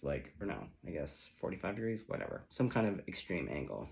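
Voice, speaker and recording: A man's voice: low-pitched, sing-song, fairly quick, vocal fry, hardly any pauses, darkish tone. A man giving a casual tarot reading in a sassy, chatty, profane manner. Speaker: tarot reader.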